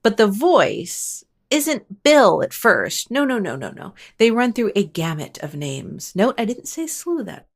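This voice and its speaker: A woman narrates a paranormal story in a casual, chatty way, breaking off into wry asides and correcting herself as she goes. Her voice sits at a middle pitch and swoops up and down expressively. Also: big pitch swings, takes it slowly, hardly any pauses. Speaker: host of a paranormal storytelling channel.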